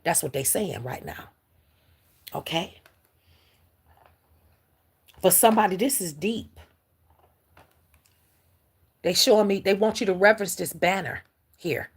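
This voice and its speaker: Husky, gravelly woman giving a spiritual reading. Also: mid-range voice, a little slow, pauses often. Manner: rambling, emphatic, addresses viewers as y'all and baby. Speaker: spiritual reader on a live stream. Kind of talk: live spiritual reading, casual and preachy.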